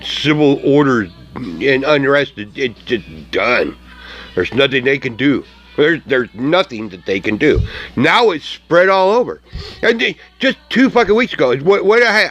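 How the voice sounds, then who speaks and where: A man's voice: medium pitch, fairly bright tone. A man ranting profanely in a vlog, mocking and laughing at what he sees as things breaking down. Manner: angry, mocking, laughs often, heavy swearing. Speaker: vlogger. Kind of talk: profane rant to camera.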